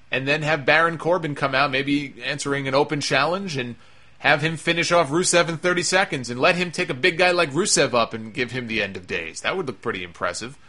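A man's voice: mid-range voice, bright, forceful tone. A man hosting a wrestling podcast, giving a blunt, sarcastic, opinionated recap and swearing freely.

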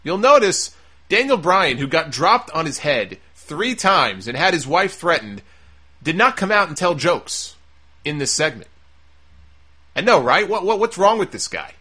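Casting note: bright, forceful male podcaster, sarcastic and profane, riffs fast on last night's wrestling. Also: fairly high pitch, slightly rough. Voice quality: sarcastic, animated, swears freely. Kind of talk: casual profane recap and rant.

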